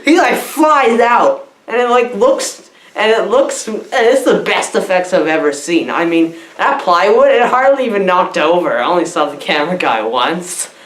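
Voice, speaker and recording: A woman's voice: medium pitch, lively intonation, normal speed, slight background noise. A woman giving a rambling, dim-witted comic movie review, giggling as she meanders and acts out the characters. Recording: echoey room.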